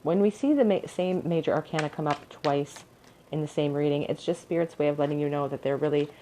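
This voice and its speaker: Young woman doing a tarot pick a card reading, low voice, earnest and encouraging. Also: fairly quick, mellow, slight background noise, low-quality recording. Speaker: tarot reader.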